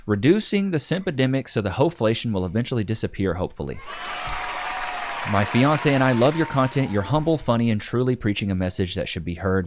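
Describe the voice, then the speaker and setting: A man in his twenties chatting casually on a live stream, telling wild stories and reading comments aloud with animated swearing and laughter. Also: medium pitch, dull audio, a little hiss or hum. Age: 20s.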